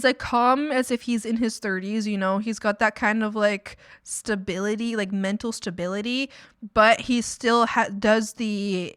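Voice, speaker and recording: A woman's voice: fairly high pitch, fairly bright tone, smooth, dry recording, studio quality. A woman in her twenties chatting casually on stream, telling rambling family stories full of fillers and laughter. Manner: rambling, filler-heavy storytelling with frequent laughs. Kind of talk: casual chat.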